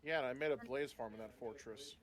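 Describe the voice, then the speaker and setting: A man's voice: medium pitch, fairly quick. A man chatting casually while gaming with friends, laid-back and teasing. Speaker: gamer on stream.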